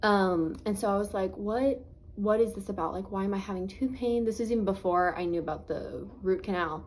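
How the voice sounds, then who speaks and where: A woman vlogger tells a personal story to the camera, chatty and casual, sprinkling in lots of "like" while talking through a swollen, sore face. Her mid-range voice runs a little fast with a darkish tone, and the audio quality is poor. She reflects earnestly, in a faith-minded way.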